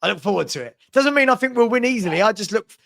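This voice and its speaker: A man on a football panel podcast from home, calmly making his point with hesitant restarts. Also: high-pitched, racing, vocal fry. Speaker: panel pundit, Forest fan. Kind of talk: casual football debate.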